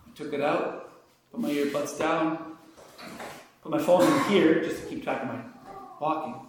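A man preaching a sermon who swings between hushed, quiet pleading and loud, excited storytelling. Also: fairly high pitch, moderate pace. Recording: very echoey room, faint noise.

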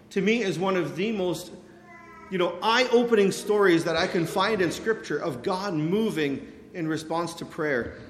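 A man giving a sermon, telling stories with lively quoted voices and frequent fillers like "you know". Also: high voice, a little hiss or hum. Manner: animated storytelling with quoted voices, many fillers. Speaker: preacher. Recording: echoey hall with long reverb.

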